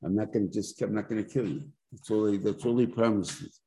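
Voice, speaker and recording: Rabbi guy giving a torah class, gravelly dark voice, keeps asking rhetorical questions. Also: on the low side, brisk, rough recording. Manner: thinks aloud with rhetorical questions and "right?" checks; explains by plain everyday examples. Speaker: rabbi teaching a weekly class. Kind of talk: conversational Torah lecture.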